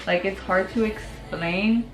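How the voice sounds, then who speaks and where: Speaking slowly in a mid-range voice, this thirtysomething beauty vlogger does her makeup and talks openly, peppering her get-ready-with-me chat with "like" and offhand swearing. The rough recording is echoey, with soft music playing in the background.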